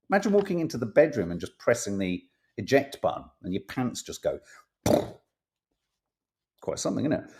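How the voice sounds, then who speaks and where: A man's voice: mid-range voice, darkish tone. A man hosting a casual podcast, reading tabloid stories aloud with playful emphasis and jokey asides, swearing now and then.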